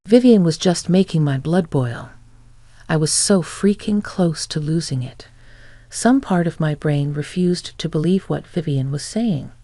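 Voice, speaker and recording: A woman narrating a scripted first-person story in an even, matter-of-fact way. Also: low-pitched, gravelly, dry recording.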